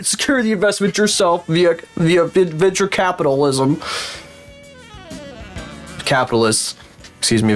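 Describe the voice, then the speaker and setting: Profane rambling male streamer, flu-sick. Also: high-pitched. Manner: profane, rambling, incredulous rants. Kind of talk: casual livestream chat.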